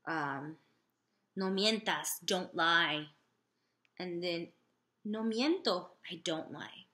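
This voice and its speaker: Slow, patient woman teaching. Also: on the low side, a bit bright. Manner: slow, deliberate, with many fillers; models Spanish phrases slowly and carefully. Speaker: Spanish teacher.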